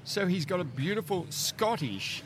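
A man's voice: high voice, lively intonation, moderate pace. A man hosting a podcast, chatting in a teasing, playful way. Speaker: podcast host. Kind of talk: casual chat. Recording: background noise.

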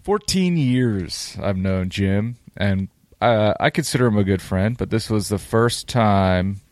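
A man's voice: fairly low pitch, expressive, measured pace, no echo. A man co-hosting a casual podcast chat, blunt and swearing freely. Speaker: podcast co-host.

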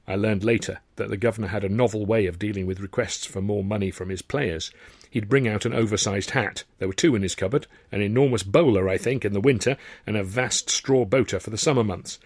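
A man's voice: lowish voice, fairly quick, no echo. A man reading his own story aloud as author and narrator, in a wry, conversational storytelling manner. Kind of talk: scripted audiobook narration.

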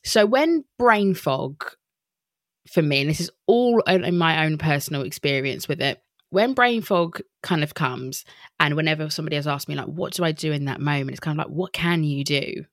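A woman's voice: sits low, expressive, normal speed, dry recording, studio quality. A woman hosting a podcast in a casual monologue, candid, swearing freely and laughing often. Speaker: podcast host.

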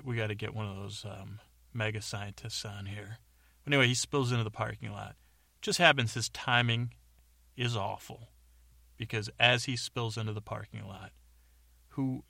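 A man's voice: on the low side, gravelly, pushed and bright, no room sound. A man hosting a podcast, telling an improvised comic story in a rambling way that keeps wandering off on tangents.

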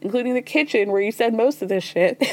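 A little fast and on the high side, her voice carries a chatty, profane recap of reality TV on a casual podcast. She says "y'all" and "girl" and brings scenes to life by voicing the lines of the people involved.

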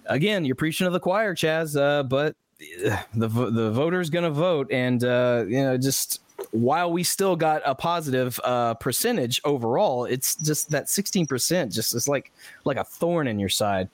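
This man also hosts a podcast, reading listener comments aloud in a relaxed chat full of laughter and filler words. His mid-range voice has lively intonation at a normal speed, and the sound carries no echo.

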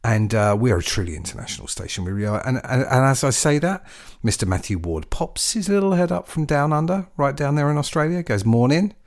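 A man's voice: mid-range voice, big pitch swings, fast. Chatty radio DJ man. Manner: rambling, chatty, chuckling asides. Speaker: radio DJ host. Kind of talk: casual radio chat between tracks.

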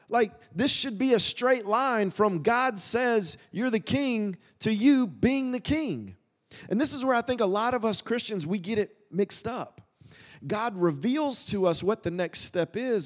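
A man's voice: sits high, darkish tone. A man preaching a sermon as a guest speaker, in a folksy, conversational way that keeps saying "y'all", recorded in a church. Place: church sanctuary. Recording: long reverb in a large hall.

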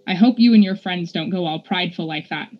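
A woman reading a storybook voices a blunt, gossipy woman wagon trader with a brisk, scolding manner. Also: on the low side, lo-fi sound, lightly acted. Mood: gossiping.

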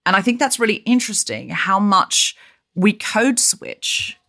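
A woman's voice: medium pitch, lively intonation, a little slow, bright, forceful tone. A woman hosting a podcast over a remote line, asking eager, curious questions. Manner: curious, enthusiastic interviewer. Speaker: podcast host. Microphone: remote recording over an online call.

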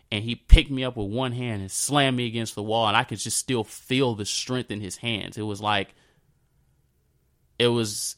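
A man in his thirties recounts a memory in an unscripted monologue. His voice sits low and sounds smooth and clear. He often restarts and repeats phrases, and sometimes drops to a soft murmur. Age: 30s. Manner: halting, repeats himself, drifts into a soft low voice. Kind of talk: personal storytelling monologue.

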